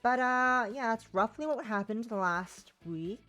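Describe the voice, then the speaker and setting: A woman's voice: a little high, measured pace, pushed and bright, soft background music. A woman with a sore throat, streaming a game from home and chatting casually in a rambling, self-interrupting way. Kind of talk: casual gameplay chat.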